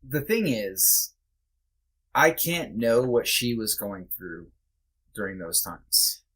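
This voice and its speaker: A man's voice: medium pitch, very animated, fairly bright tone. A man guesting on a podcast, speaking candidly and reflectively with many restarts. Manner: earnest, halting, reflective with restarts. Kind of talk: candid conversation.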